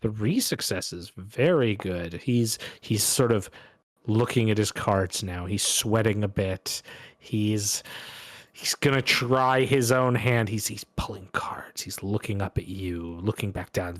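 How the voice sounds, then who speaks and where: A man's voice: lowish voice, slow. A man running a tabletop game as game master, narrating casually with hesitant fillers.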